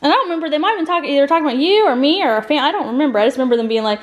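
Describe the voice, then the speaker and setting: Vlogging indoors at her family home, this high-voiced Texas mother talks rapid-fire and expressively, and the audio sounds dull. Her casual chat is full of stories and frequent laughter.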